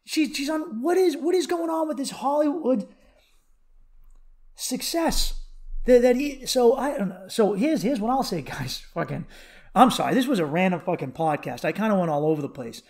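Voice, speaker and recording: A man in his thirties hosting a comedy podcast alone, rambling through profane, animated stories and rants. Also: very high voice, normal speed. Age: 30s. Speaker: podcast host. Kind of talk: comedic solo podcast rant.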